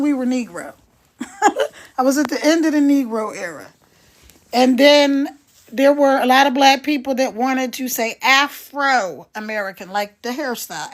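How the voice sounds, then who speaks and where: A high-pitched woman in her sixties talks casually to her live-stream viewers. She is frank and chatty, greeting people by name and answering their comments directly. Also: fairly bright tone. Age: 60s.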